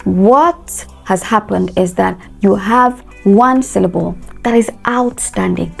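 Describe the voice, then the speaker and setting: Slow, deliberate woman coaching pronunciation. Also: mid-range voice, creaky, soft background music. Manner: slow, deliberate, repeats words for drill. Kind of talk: pronunciation lesson.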